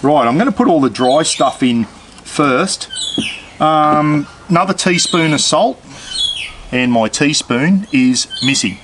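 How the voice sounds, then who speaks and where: Cooking outdoors amid background noise, an Australian man hosts a casual cooking demonstration and talks straight to his viewers. His voice is slightly high and expressive, and he takes his time.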